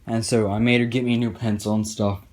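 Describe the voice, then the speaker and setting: A man's voice: fairly low pitch, flat delivery, fast, a little mellow. A young man telling a sarcastic, profane story as casual commentary over gameplay. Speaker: gaming commentator.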